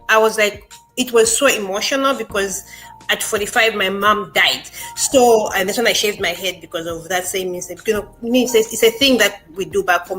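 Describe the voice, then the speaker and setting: A woman's voice: mid-range voice, bright, forceful tone, rough recording. A woman in her forties, a talk show guest, speaking reflectively and gratefully in casual conversation, often restarting her sentences. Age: 40s. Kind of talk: casual chat.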